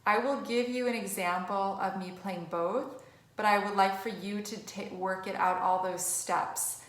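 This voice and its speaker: A woman's voice: medium pitch, steady tone, unhurried, a bit bright. A woman music teacher giving an online lesson, encouraging and chatty. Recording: echoey room.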